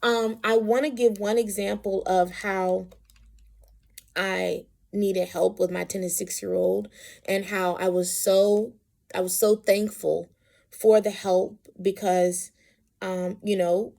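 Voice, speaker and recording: Brief: casual mom vlogger, woman, gravelly, storyteller. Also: mid-range voice, slow pace. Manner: chatty, animated, lots of asides. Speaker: vlogger, mother.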